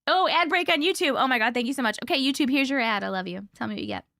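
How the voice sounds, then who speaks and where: A young woman hosting a casual livestream from home, chatting with viewers in a scattered, playful way with quick laughs and silly repeated noises. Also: sits high, lively intonation, pushed and bright, no room sound, clean studio sound. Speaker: livestream host reading viewer stories. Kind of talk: casual live chat with viewers. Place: home room.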